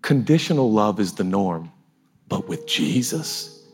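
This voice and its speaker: A man's voice: on the low side, big pitch swings, unhurried, darkish tone, faint music behind. A man preaching a sermon in an emotional, conversational way, often laughing as he talks.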